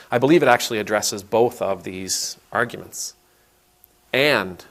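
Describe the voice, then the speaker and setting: A man's voice: on the low side, fairly bright tone. A man, an Anglican priest, giving a casual spoken sermon on a parable, retelling it with voices and often restarting his sentences. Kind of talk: conversational video sermon.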